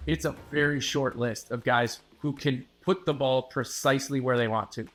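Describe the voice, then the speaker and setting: A male sports reporter guests on a casual podcast chat. His voice sits in a middle pitch. He lays out his views in a measured, confident way with steady emphasis.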